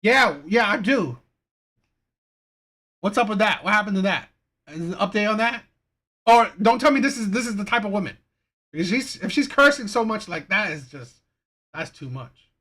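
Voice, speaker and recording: A woman's voice: medium pitch, lively intonation, normal speed, long pauses, fairly bright tone. Exasperated woman hosting reaction commentary. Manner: exasperated, critical, with many false starts. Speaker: reaction channel host.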